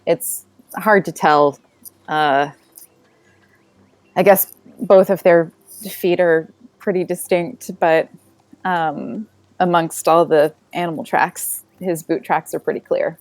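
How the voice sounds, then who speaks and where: A woman playing a tabletop game, describing her character's actions in a relaxed, unhurried way. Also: on the low side, no echo. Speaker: player. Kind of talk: casual tabletop game talk.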